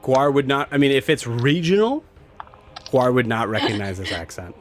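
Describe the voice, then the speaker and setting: A man in an ordinary middle pitch runs a tabletop game as its narrator. He stumbles through plenty of fillers and breaks into laughter as he goes, with faint music playing underneath. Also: big pitch swings. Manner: halting, full of fillers and laughs. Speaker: game master.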